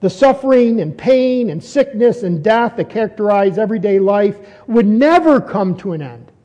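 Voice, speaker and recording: A high-pitched man with a mellow, soft-edged tone preaches verse by verse in a hall with a long echo. He reads scripture aloud, then unpacks it, rising to emphatic repeated questions. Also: lively intonation, normal speed. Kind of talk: expository sermon.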